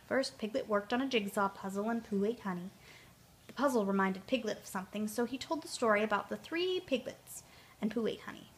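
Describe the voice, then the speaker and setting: A woman storyteller reading a children's storybook aloud, clear and expressive. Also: fairly high pitch.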